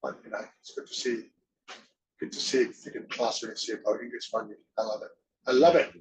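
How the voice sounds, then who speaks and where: A man's voice: on the low side, a little fast, low-quality recording. A middle-aged man from Australia, an interview guest telling rambling anecdotes, laughing and acting out other people's lines.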